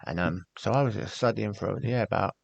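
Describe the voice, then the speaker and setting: A man tells his story as a podcast guest in a low, gravelly voice. He speaks frankly and animates the people he quotes. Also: a little fast. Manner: candid, animated when recounting, acts out quoted voices. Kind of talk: casual storytelling.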